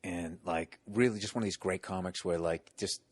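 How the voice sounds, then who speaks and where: A man in his forties from the United States, a stand-up comedian telling stories on a podcast in a profane, animated way. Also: deep voice, normal speed, husky. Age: 40s. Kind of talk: casual podcast storytelling.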